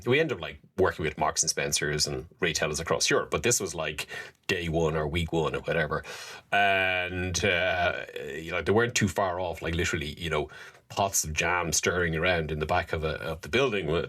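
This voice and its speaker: A man in his fifties with a Dublin Irish accent, a podcast guest in casual interview chat who tells lively, self-deprecating stories full of fillers and restarts. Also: low-pitched, slightly rough. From Ireland.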